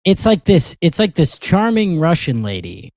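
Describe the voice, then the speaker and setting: Male podcast co-host, animated storyteller, slightly higher voice, dry sound. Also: normal speed, no echo. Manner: animated storytelling, laughs often. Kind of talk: casual chat.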